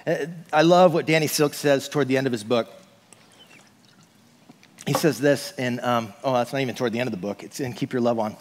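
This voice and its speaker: A man's voice: medium pitch, fairly quick, slight background noise. Pastor, man, chatty sermon delivery, voice ringing in a reverberant sanctuary. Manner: conversational, frequent "like" and "right?".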